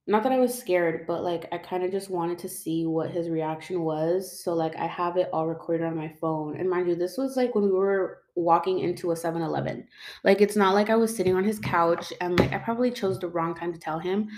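A woman's voice: fairly low pitch, fairly quick, a little mellow. A young woman telling a personal story in a loose, rambling way, full of fillers like "like" and "um" and casual swearing.

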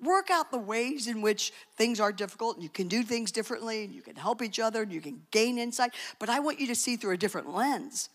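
A woman's voice: a little high, expressive, brisk, few pauses. Chatty woman preaching a sermon. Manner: conversational, joking asides, emphatic. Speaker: speaker at a church talk.

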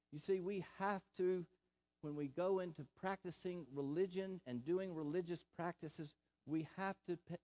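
A man with a high voice preaches a sermon, slow and deliberate. He leans on repeated phrases to drive home each point. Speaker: pastor.

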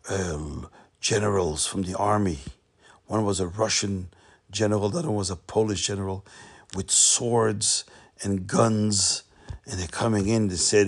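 A man telling a Hasidic tale, animated and repeating phrases for suspense. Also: on the low side, moderate pace, slightly rough. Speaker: storyteller.

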